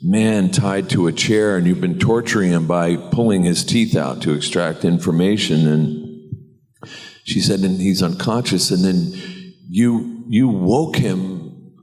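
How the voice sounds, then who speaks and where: A middle-aged American man telling stories on a convention panel, animated and laughing often. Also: deep voice, measured pace. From United States. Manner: animated, laughing, acts out quoted voices. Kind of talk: anecdotal storytelling. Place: large convention hall. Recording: reverberant convention hall.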